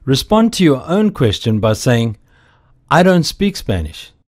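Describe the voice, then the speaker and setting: Lively-voiced man narrating a language lesson. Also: mid-range voice. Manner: slow, deliberate, explanatory. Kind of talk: scripted instructional narration.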